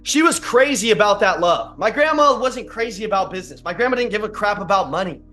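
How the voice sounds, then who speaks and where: His voice sits high, expressive and a little fast, pushed and bright, as he delivers an emotional motivational talk to an audience in a large room. He's earnest and repeats lines for emphasis. Faint music plays in the roomy, distant recording.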